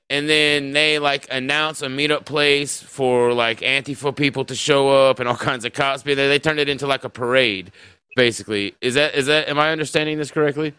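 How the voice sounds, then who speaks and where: A man hosting a streamed talk show. His voice is bright and crisp, recorded close and dry with no room sound. He talks loosely and profanely, rambling through his points. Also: mid-range voice, steady tone, a little fast, no echo. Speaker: podcast host. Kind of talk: casual livestream conversation.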